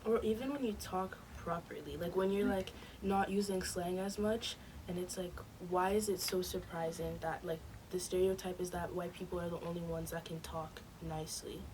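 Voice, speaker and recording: A teenage girl in a casual group discussion, chatty and quick to joke. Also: lowish voice, steady tone, darkish tone. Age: teens. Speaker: camp participant. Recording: distant mic with background noise.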